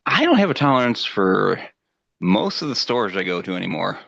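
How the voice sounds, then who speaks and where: A man's voice: fairly low pitch, big pitch swings, moderate pace, creaky, a bit bright, no echo, dull audio. A middle-aged man co-hosting a podcast, chatting casually and ranting with profanity, acting out voices in his stories. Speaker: podcast co-host. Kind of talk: casual chat.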